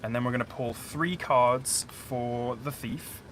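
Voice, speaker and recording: A man's voice: mid-range voice, takes it slowly, a bit bright. A man from a small town outside Sheffield with a South Yorkshire accent, chatting casually to viewers on a live stream as he plays a solo board game and explains the rules. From small town outside Sheffield, England. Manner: chatty, rambling, thinks aloud, talks to viewers. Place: indoors at home, curtained room. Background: faint boiler noise.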